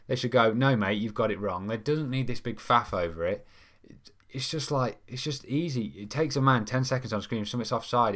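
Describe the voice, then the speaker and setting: A man's voice: on the low side, fairly bright tone. A young man hosting a casual live stream, chatting and reading viewer comments, rambling with lots of ums and restarts. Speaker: football fan show host.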